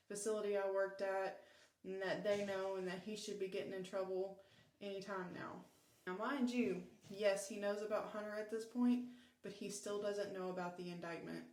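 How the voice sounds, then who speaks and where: A woman tells her own story in a steady, matter-of-fact way, quoting the people around her. Her pitch barely moves, and the room around her echoes. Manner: plain, steady recounting with quoted dialogue. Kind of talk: first-person confessional storytelling.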